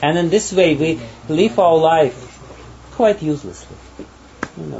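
A man giving a spiritual talk, telling a parable in a halting way and laughing often. His voice is somewhat high yet dark and mellow. The recording sounds dull and has faint background noise. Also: vocal fry. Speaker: spiritual teacher.

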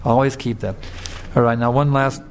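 A man giving a sermon, telling a fable in a relaxed, conversational way with frequent filler tags. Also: mid-range voice, normal speed, slight background noise. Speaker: preacher. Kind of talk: sermon with storytelling.

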